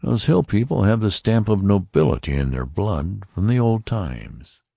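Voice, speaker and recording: A man's voice: fairly low pitch, sing-song, normal speed, creaky, dark tone, slightly rough, dry recording, studio quality, pitched above the performer's own voice, heavily acted. A man voicing a leisurely black-clad city guard in an audiobook, speaking in an appraising tone. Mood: idle.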